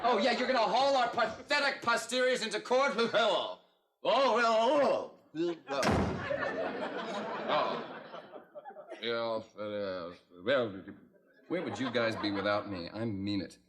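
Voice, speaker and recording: A man's voice: on the high side, expressive, slow. An actor playing a wild, impulsive, wisecracking man in a 1990s sitcom. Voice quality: manic, jokey. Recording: loud hiss, studio audience laughter.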